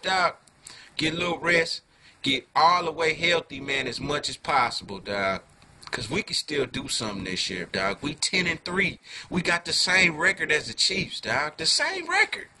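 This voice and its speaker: A man giving a heated fan rant to camera, full of profanity and street slang, dropping low then flaring into loud outbursts. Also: noisy background. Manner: profane slangy talk, keeps calling listeners "dog"; swings from low muttering to loud angry outbursts. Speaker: fan video reviewer.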